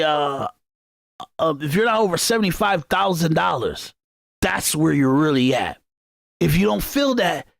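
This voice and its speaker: A man's voice: a little high, creaky, fairly bright tone, no room sound, clean studio sound. A man hosting a podcast, delivering an emphatic, repetitive monologue of commentary that often restarts its phrases. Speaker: podcast host. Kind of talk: unscripted political commentary monologue.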